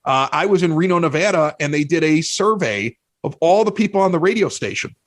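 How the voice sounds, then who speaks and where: Lively Chicago-accented man telling stories. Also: a little high, fairly quick, no room sound. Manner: animated, self-mocking storyteller with many restarts. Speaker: podcast guest. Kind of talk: casual storytelling chat.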